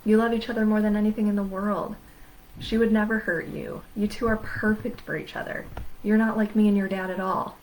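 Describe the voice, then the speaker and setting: A woman's voice: mid-range voice, steady tone, a little fast, noisy background, voice pushed up, lightly acted. A woman voicing a soothing mother who tenderly reassures her grown child. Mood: reassuring.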